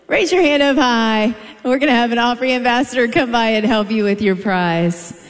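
A woman's voice: fairly high pitch, moderate pace. A woman announcing at a live show on a theater stage, with upbeat, emphatic presenter delivery. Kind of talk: live event announcing with sponsor read. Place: large theater. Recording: long hall reverb from a big venue.

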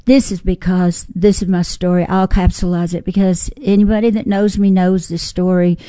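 An older woman, a singer-songwriter, telling lively personal stories in an interview, acting out what others said. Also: on the low side, normal speed, clear, resonant tone, dry recording. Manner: animated, folksy storyteller acting out quotes. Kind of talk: storytelling interview.

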